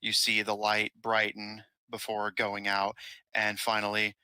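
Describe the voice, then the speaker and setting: A man narrating as game master of a tabletop game, halting with many fillers. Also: lowish voice, completely flat delivery, sharp tone, clear, resonant tone, no room sound, low-quality recording.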